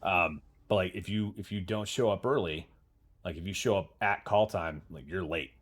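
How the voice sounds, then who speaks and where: A podcast host, a man with a low voice, hosts a casual livestream chat, telling rambling stories with casual swearing and answering viewer comments. He talks at a normal speed, and there is a little hiss or hum in the audio.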